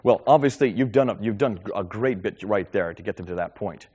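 A middle-aged man giving a talk and answering audience questions about faith, telling stories in a lively, animated way. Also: fairly low pitch, breathy edge, highs cut off. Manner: animated, lively storytelling with quick repetitions. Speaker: Christian speaker taking audience questions. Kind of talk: lecture with audience Q&A.

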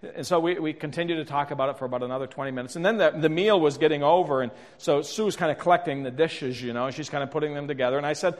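A man's voice: fairly high pitch, rapid-fire, hardly any pauses. A middle-aged man presenting a workshop, telling stories in a self-deprecating way, with frequent restarts. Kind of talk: storytelling conference talk. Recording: reverberant lecture hall.

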